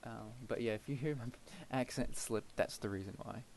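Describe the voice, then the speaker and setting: A man's voice: lowish voice, moderate pace, vocal fry, a little hiss or hum, low-quality recording. Rambling young man narrating gameplay. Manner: rambling, thinks aloud while building, trails off into soft murmurs. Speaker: gameplay commentator. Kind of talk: casual let's-play commentary.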